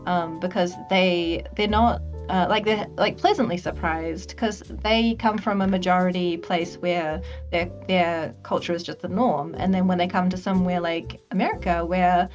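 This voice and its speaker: A woman talks in a relaxed, conversational way, her voice sitting low. She thinks aloud and laughs easily. The stream audio is muffled and lo-fi, with faint music playing behind her. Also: normal speed, few pauses. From New Zealand. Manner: reflective and conversational, laughs often. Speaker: VTuber guest. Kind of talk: casual chat.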